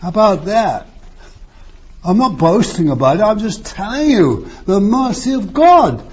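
Older preacher, lively pitch, husky. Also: male voice, measured pace. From East End of London. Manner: emphatic, rhetorical questions, wide swings in pitch. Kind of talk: sermon. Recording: muffled lo-fi sermon recording.

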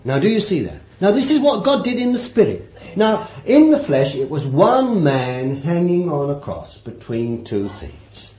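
A man preaching a sermon, swinging from loud declarations to hushed asides and repeating phrases for emphasis. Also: a little high, very animated, measured pace, hardly any pauses. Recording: roomy, dull old sermon tape.

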